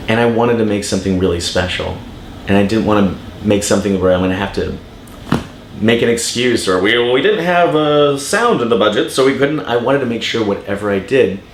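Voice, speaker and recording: Male documentary director, lower voice, animated and emotional, acts out quotes, roomy echo with faint hum behind. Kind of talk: casual interview. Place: film festival.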